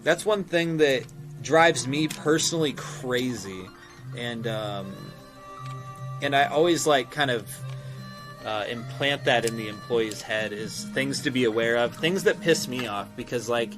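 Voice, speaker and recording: A medium-pitched man speaks a little slowly with music playing behind him. He owns a game and toy shop and is chatting casually on a livestream, reading viewer comments, rambling with plenty of fillers and swearing freely.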